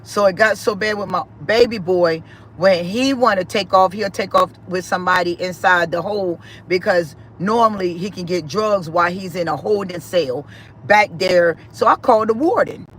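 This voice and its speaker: A woman's voice: lowish voice, moderate pace, a little hiss or hum, low-quality recording. A middle-aged woman, giving a personal spiritual testimony in an emphatic, repetitive, emotional way. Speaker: spiritual speaker.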